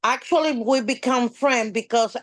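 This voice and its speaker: A woman guest on a podcast, telling a story in a casual, animated way, with nonstandard English grammar. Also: a little high, moderate pace, dry recording. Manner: animated, acts out quoted dialogue.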